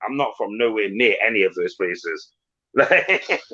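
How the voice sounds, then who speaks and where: Teasing Nottingham man with a bright voice. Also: fairly low pitch, lively intonation, a little slow. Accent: Nottingham English. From Nottingham, England. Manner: teasing, laughs often, rambles with restarts. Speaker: chat room host. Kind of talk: casual voice-chat banter. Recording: dull lo-fi voice chat audio.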